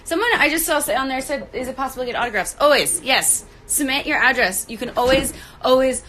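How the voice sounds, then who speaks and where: A woman hosts a casual livestream outdoors by the trailers on a film set, holding a phone at arm's length, out of breath, bubbly and rambling, laughing often. Her voice sits high and sharp, and she talks fast. The audio is poor, with a little hiss or hum.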